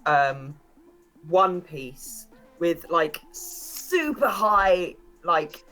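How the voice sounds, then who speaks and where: A woman's voice: fairly low pitch, animated, drawn-out words, pushed and bright, low-quality recording. A woman playing a tabletop game, chatty and giggly, hedging everything with "like". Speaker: player. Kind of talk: casual chat in a tabletop game.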